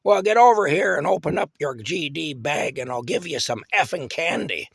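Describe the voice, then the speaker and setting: A crotchety old woman, nearly blind and quick to curse, voiced by a man telling the story. She yells loud and high-pitched to be heard across her kitchen. The sound stays dry and close. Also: expressive, creaky, breathy edge, dry recording, full character voice. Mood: brusque. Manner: yelling, cursing, brusque.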